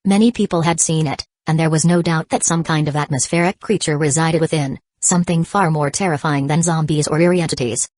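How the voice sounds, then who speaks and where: A woman narrating an audiobook in a steady, even reading voice. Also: deep voice, a little fast, few pauses, dry recording. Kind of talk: scripted narration.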